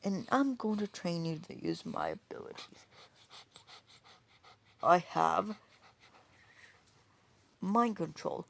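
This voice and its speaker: A woman's voice: lowish voice, wildly swooping pitch, slow, creaky, long pauses, a bit bright, exaggerated voice. A woman voicing a boastful male devil introducing himself, in a voice close to her own. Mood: smug.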